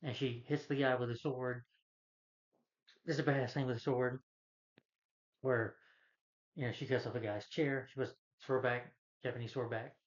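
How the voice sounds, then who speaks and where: A man recaps a movie scene by scene in a loose, rambling way, stumbling over his words and leaning on fillers. His voice sits at an ordinary middle pitch. The recording sounds a little dull and lo-fi. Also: fairly even intonation. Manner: rambling, halting, full of "you know" and restarts. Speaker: movie reviewer. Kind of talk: casual plot retelling.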